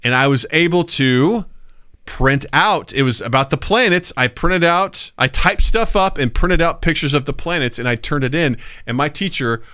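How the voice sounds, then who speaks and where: A man's voice: on the high side, moderate pace, clean tone, no room sound, studio quality. A man co-hosting a podcast in casual chat, telling stories and acting out the people in them. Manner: animated storyteller, acts out quoted voices. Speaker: podcast co-host.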